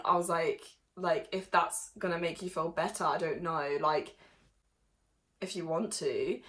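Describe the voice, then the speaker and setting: A young woman tells a story from her teens straight to camera, her voice bright and forward. She talks in a chatty, animated way, laughing along and breaking into sudden loud bursts. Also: on the low side, moderate pace. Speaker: vlogger.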